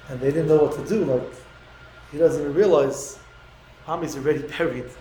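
A man telling a moving story in a talk, growing dramatic and loud at its peaks. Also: a little high, moderate pace, echoey room, slight background noise, rough recording. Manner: dramatic, rising to near-shouting at emotional peaks.

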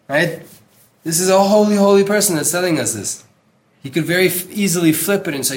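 A man's voice: a little high, a little fast. A man teaching a Torah class in an earnest, emphatic way, reading a text aloud and translating it, with Hebrew terms mixed into his speech. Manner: earnest, emphatic, repeats words for stress. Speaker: religious teacher.

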